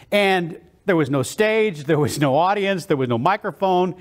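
A man's voice: fairly high pitch, animated, moderate pace, hardly any pauses. A man from South Texas giving a motivational keynote, telling his story with enthusiasm.

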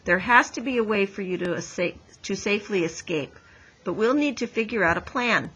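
A woman's voice: mid-range voice, lively intonation, brisk, fairly bright tone, husky, highs cut off. A woman reading the lines of a determined, loyal young boy in a storybook, in an earnest, resolute way.

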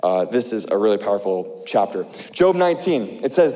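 A man preaching a sermon as pastor, animated and conversational, with asides to the congregation, recorded live in a large church hall. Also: fairly low pitch, normal speed, few pauses.

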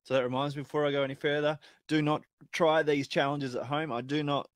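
A man's voice: on the high side, little pitch movement, fast talker, no echo. Chatty Australian man, dry close sound. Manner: chatty, swears casually. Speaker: guest. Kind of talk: live-streamed chat while eating chillies.

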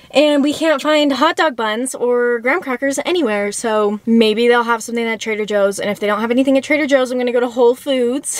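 Young female vlogger, higher voice, chatty and self-mocking, talks to a handheld camera. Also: dry recording. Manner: rambling, frazzled and self-mocking. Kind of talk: casual vlog chat to camera. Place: out and about, stores and car.

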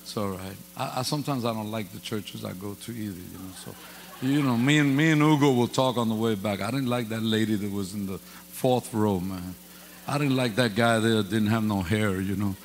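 A man's voice: lowish voice, brisk. A man preaches a loose, joking sermon, telling stories in folksy, casual speech. His voice carries a long reverb from the church hall. A faint electrical hum sits under the recording. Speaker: guest pastor. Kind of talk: informal sermon with humorous stories.

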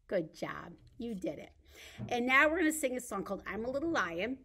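A woman's voice: on the high side, very animated, brisk, pushed and bright, slightly rough. A woman librarian leading a baby storytime, talking in a cheerful sing-song way to small children and their grown-ups. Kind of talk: baby storytime with songs and rhymes.

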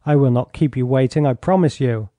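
A man reading an audiobook, voicing a coarse, drunken older baron with a gruff, blustering manner. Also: mid-range voice, a little fast, mellow, no room sound, lightly acted.

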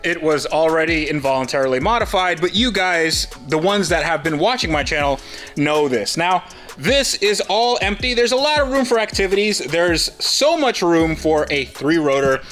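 Man in his 30s, car vlog host, slightly high voice, lively swings in pitch, faint music behind. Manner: animated, quick to laugh, self-deprecating. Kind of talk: casual car-build vlog with sponsor read.

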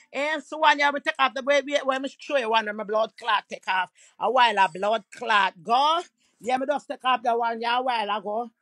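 Loud ranting Jamaican woman, high bright voice. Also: no echo. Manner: loud, aggressive, profane ranting with mocking insults. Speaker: social media personality. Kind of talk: angry diss rant to camera.

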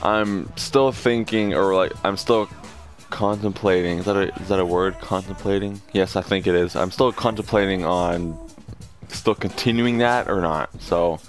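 A man's voice: deep voice, steady tone, moderate pace. A young man giving casual commentary while playing a video game, swearing often and flaring up at bad plays. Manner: swearing, erupting into angry rants at the game. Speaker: gaming commentator. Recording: game music playing behind.

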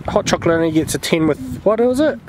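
A man's voice: a little high, expressive, fast talker, background noise. A man narrating a casual family vlog outdoors with wry, dry commentary. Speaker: father filming a family day out. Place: outdoors on a coastal hill. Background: loud music.

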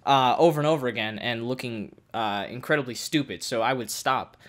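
A woman doing comedic YouTube commentary, reading out comments with profane, sarcastic, deadpan mockery. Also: extremely low pitch, a little fast.

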